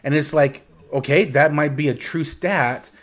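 A man's voice: fairly high pitch, a little slow, a loud crowd. A man co-hosting a casual podcast chat, talking emphatically and often repeating his first words as he starts a thought. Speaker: podcast co-host.

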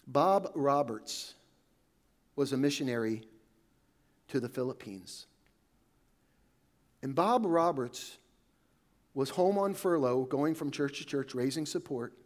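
A man preaching a sermon, telling a story in a conversational way that often sinks to a soft hush. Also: mid-range voice, animated, slow pace, pauses often.

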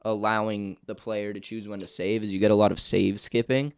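A man's voice: fairly low pitch, little pitch movement, brisk, clean tone, dry recording, clean studio sound. A young man co-hosting a casual podcast, talking in a thoughtful, earnest way. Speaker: podcast co-host. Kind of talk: casual chat.

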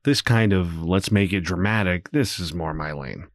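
A young man hosting a solo podcast, talking candidly and rambling, swearing freely as he swings between low muttering and animated bursts. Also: normal speed, no echo, studio quality. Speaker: podcast host.

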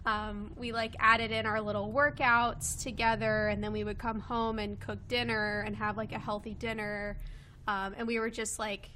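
A woman's voice: medium pitch, little pitch movement, moderate pace, sharp tone, a little hiss or hum. A woman in her twenties from Kentucky, chatting casually at home as a guest, with lots of fillers and laughs. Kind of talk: casual chat. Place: home with a loud pet bird.

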